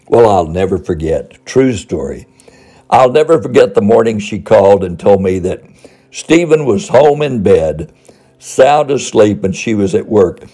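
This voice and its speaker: Older male storyteller, dark husky voice, folksy ex-principal, chuckles through anecdotes. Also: lowish voice, very animated, a little slow. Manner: warm anecdotal delivery, chuckling asides. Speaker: former school principal.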